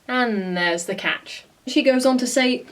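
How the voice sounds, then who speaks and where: A woman's voice: on the high side, a little slow, distant mic, slight background noise. A woman vlogger giving casual reaction commentary, blunt and exasperated, often swearing.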